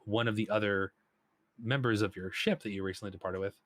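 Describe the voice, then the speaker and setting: A man's voice: fairly low pitch, fairly even intonation, brisk, no room sound, clean studio sound. A man running a tabletop game as game master, narrating loosely with many fillers. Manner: rambling, lots of fillers.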